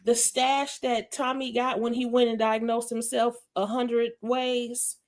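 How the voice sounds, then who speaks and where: A woman panelist with a slightly high voice riffs on a TV show over a video call. She jokes often and tells her takes with animation. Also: a little slow. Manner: joking, animated storyteller. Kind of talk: casual recap chat.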